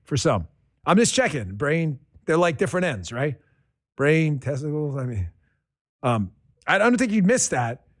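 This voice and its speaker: Animated, high-voiced male commentator. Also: a little slow. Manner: animated, sarcastic, riffing. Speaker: host. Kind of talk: political commentary monologue.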